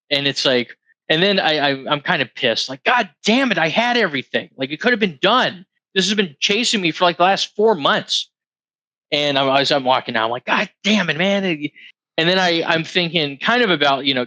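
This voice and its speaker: A man's voice: medium pitch, bright, forceful tone, no echo, low-quality recording. A man co-hosting a podcast, telling a rambling, profane story in casual chat. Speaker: podcast co-host.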